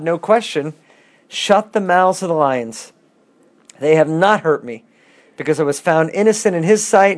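Man, slightly high voice, casual bible teacher with wry humor. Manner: chatty, wry asides, reads scripture aloud. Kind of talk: casual bible class lecture.

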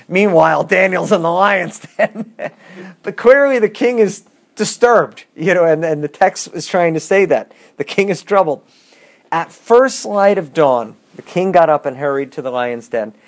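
Man, slightly high voice, casual bible teacher with wry humor. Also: darkish tone. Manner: chatty, wry asides, reads scripture aloud. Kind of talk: casual bible class lecture.

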